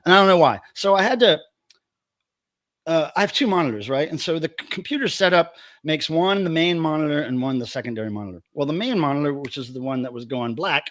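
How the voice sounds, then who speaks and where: A man's voice: on the high side, lively intonation, fast talker, a bit bright, no echo, studio quality. A man hosting a casual livestream from home, playfully greeting viewers one by one. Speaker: livestream host.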